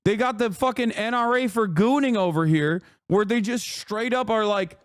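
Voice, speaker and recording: A man on a livestream reacting to videos, his voice pitched high and recorded dry with no room sound. He talks in an animated, profane, mocking rant, jumping between jokes and outrage. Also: normal speed, hardly any pauses, dry recording. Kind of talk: casual livestream reaction commentary.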